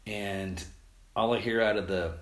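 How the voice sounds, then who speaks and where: An American man hosting a podcast, talking casually and quickly, rambling with restarts and fillers. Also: fairly low pitch, fairly even intonation. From United States. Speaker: podcast host. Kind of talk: casual solo podcast monologue. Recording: roomy echo.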